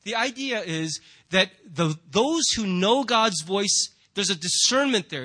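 Pastor guy giving a sermon in church, kinda high voice, jokey and lively. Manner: animated, jokey preaching with acted-out voices.

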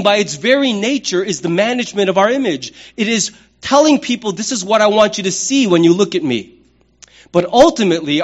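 A middle-aged man preaching a sermon as pastor, conversational and humorous, with lively acted-out asides. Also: sits high, lo-fi sound.

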